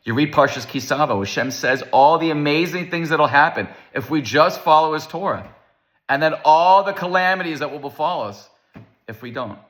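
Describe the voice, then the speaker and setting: A man giving a casual Torah lecture, animated and storytelling, acting out the voices of the people in his stories. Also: a little high, moderate pace.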